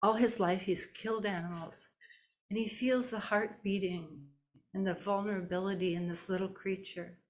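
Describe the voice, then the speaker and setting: A woman telling a folk tale live, slow and deliberate with long pauses. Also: mid-range voice, fairly even intonation. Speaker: storyteller. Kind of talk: live oral storytelling. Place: storytelling event indoors.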